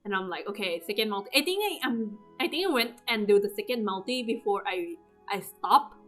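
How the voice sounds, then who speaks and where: A young woman casually recapping her game summons, often jumping into high, loud squeals as she replays her own screaming. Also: animated, brisk. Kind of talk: casual excited commentary over gameplay. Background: game music.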